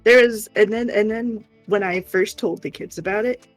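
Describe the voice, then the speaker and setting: A woman's voice: medium pitch, normal speed, dry recording, faint music behind, low-quality recording. A woman with an Indiana Hoosier twang, co-hosting a casual chat and laughing often between phrases. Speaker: co-host.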